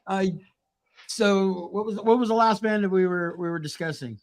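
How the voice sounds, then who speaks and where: A middle-aged man who hosts a podcast and plays music, telling a story in a casual, animated way with a lot of swearing. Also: high-pitched, moderate pace.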